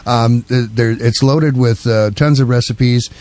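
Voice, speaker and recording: A man hosting an interview, talking in a halting way with many fillers. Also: mid-range voice, fairly even intonation, darkish tone, no echo. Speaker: host. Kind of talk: casual interview chat.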